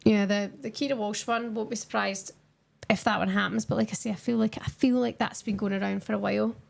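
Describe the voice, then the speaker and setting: A woman's voice: mid-range voice, steady tone, a little fast, vocal fry. A young woman chatting casually with her viewers on a live stream while she watches a football match and answers their comments.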